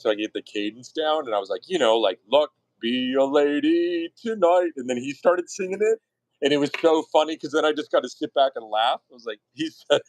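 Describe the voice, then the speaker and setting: A man streaming his art while telling casual, profane stories, often jumping into high mock voices and bits of song. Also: dry recording, low-quality recording. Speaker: artist streaming his work. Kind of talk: casual storytelling chat.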